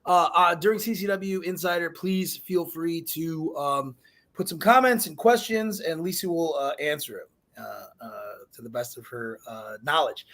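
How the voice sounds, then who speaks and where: A Chicago man hosts a live show, keeping the chat loose and joking while he rambles and uses lots of fillers. His voice is a bit high for a man, fairly bright, at a normal speed.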